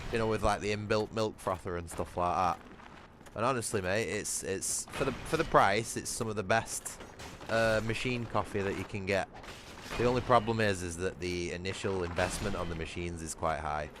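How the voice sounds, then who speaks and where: A man's voice: on the low side, fairly even intonation, normal speed, noisy background. Chatty British man streaming a game. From Britain. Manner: chatty, rambling, restarts phrases. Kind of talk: casual livestream chat while gaming.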